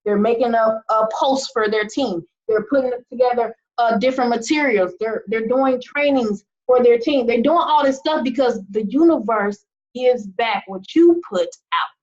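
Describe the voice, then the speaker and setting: An American woman who leads a team and works as a business coach gives a fired-up, emphatic motivational talk to an online group, packed with rhetorical questions. Her voice is fairly high and darkish, at a normal speed with few pauses, though the recording sounds muffled.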